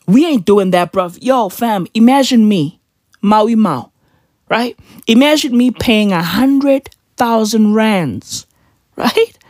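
A woman's voice: fairly high pitch, no room sound, clean studio sound. A South African woman delivering a profane, slangy comedic rant, repeating herself for effect. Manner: animated, repetitive, slangy.

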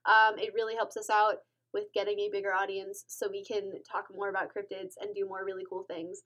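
A woman's voice: mid-range voice, little pitch movement, a little fast, fairly bright tone. A woman co-hosting a casual podcast, upbeat and teasing as she reads the outro. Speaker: podcast co-host.

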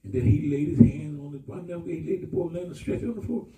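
A male pastor giving a testimony sermon, telling his story with animated shouts and laughter. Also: fairly high pitch, fast, a crowd in the background. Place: church hall with congregation. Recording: echoey room, far from mic.

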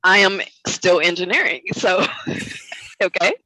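A woman's voice: fairly low pitch, measured pace, sharp tone, no room sound, low-quality recording. A woman, a fitness coach, chatting as a podcast guest, laughing often and talking in loose colloquial speech. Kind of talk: casual chat.

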